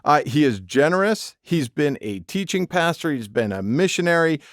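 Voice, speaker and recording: A man's voice: fairly high pitch, sing-song, normal speed, no room sound, clean studio sound. A man co-hosting a podcast in casual chat, friendly and laughing easily. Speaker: podcast co-host.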